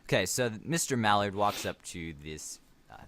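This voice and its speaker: A young man co-hosting a casual podcast, carrying an improvised story forward with playful, deadpan teasing. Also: fairly low pitch, normal speed. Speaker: podcast co-host.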